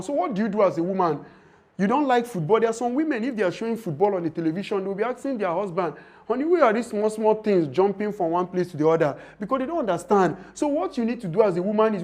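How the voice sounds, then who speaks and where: A man's voice: sits high, darkish tone. A man giving a leadership and relationship training talk to women, preachy and emphatic, who acts out the lines of husbands and wives as he teaches.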